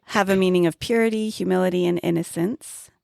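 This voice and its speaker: A woman with a low, gravelly voice co-hosts a casual podcast chat. She teases her co-host and reads from her notes, and the sound is dry and close. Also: steady tone, fairly quick, darkish tone, no room sound. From grew up near Mount Graham, Arizona. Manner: teasing, reads out notes on flower meanings.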